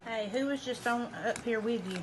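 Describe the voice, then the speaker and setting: A woman, softly coaxing her son to speak at his hospital bedside. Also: a little high, fairly even intonation, a little fast, heavy background noise. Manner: soft, coaxing, repeats questions. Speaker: mother caring for her son. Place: hospital room.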